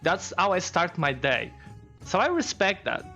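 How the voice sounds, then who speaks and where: A male tabletop player talking slowly and haltingly while in character. His voice sits a little high, and faint music plays underneath. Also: big pitch swings, sharp tone, lo-fi sound. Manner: hesitant, halting with fillers.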